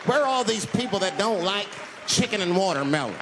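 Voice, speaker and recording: A brash, profane male comic works the crowd with a high, lively voice. His words ring through a long hall reverb over a loud, noisy audience. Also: a little fast. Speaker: stand-up comedian. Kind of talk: stand-up set. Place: comedy club.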